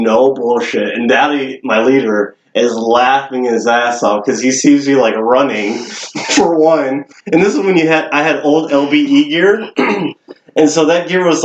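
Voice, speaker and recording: A man's voice: on the high side, reverberant, dull audio. A young man casually telling a story on a podcast, swearing and laughing often. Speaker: podcast co-host.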